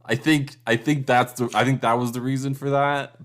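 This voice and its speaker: A man co-hosting a movie podcast, speaking casually with a relaxed, hedging way of making his point. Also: medium pitch, normal speed. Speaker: podcast co-host. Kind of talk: casual movie review chat.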